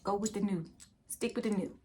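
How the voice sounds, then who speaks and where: A woman's voice: medium pitch, fairly quick, warm tone, a little hiss or hum. A young woman from West Baltimore with a Baltimore accent, speaking earnestly and emotionally in a personal vlog, trying not to cry. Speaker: vlogger.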